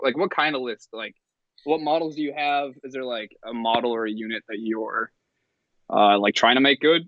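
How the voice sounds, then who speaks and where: A man's voice: medium pitch, dry recording. Laid-back young American man on a dull line. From Minnesota, USA. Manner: laid-back, hesitant, lots of fillers. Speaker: guest. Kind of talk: casual chat.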